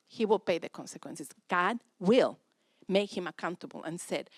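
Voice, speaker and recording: A woman's voice: on the low side, unhurried, no room sound. Brief: woman, church parenting seminar speaker, matter-of-fact delivery, dry close sound. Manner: direct, practical, acts out family dialogue.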